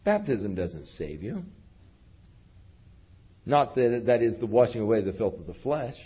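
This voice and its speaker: A man's voice: on the low side, big pitch swings, measured pace, slightly rough. A man preaching a verse-by-verse sermon in a conversational way, with fillers and asides to his listeners. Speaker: pastor. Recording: dull lo-fi recording.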